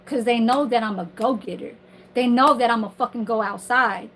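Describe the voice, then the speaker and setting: A woman's voice: fairly high pitch, moderate pace, fairly bright tone, slight background noise, rough recording. A woman ranting on her livestream from home in a casual, heated, profane and rambling way.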